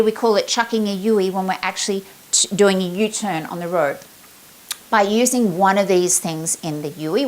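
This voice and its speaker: A middle-aged woman, giving a chatty, upbeat motivational talk as a sales confidence coach. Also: medium pitch. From Australia. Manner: upbeat, chatty, acts out her examples.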